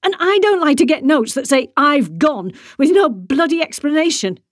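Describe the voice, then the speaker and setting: A woman voicing an upset, angry wife who shouts and swears in a high, strained voice. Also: lively intonation, normal speed, no echo, studio quality. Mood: shouting angrily. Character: distraught furious woman, abandoned wife. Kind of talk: audiobook character reading.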